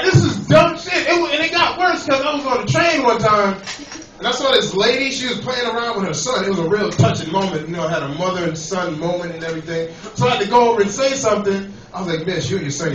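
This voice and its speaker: A young man with a New York accent does a profane stand-up set at a comedy club, riffing with the laughing crowd. His voice sits high and sounds fairly bright, and he talks fast; the recording is echoey and distant, with the crowd and slight background noise.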